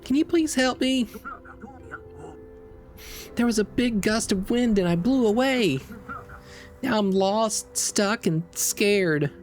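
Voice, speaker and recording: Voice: medium pitch, animated, slow pace, pauses often, faint music behind, pitched above the performer's own voice. A streamer voicing a frightened young boy in a video game who was blown away by the wind, pleading for help.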